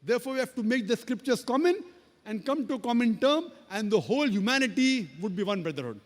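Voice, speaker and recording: A man's voice: extremely high pitch, animated, quick pace. Emphatic man in a reverberant hall. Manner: emphatic, repetitive, preacher-like. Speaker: speaker answering audience questions. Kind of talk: public lecture Q&A. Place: large lecture hall. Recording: long reverb of a lecture hall.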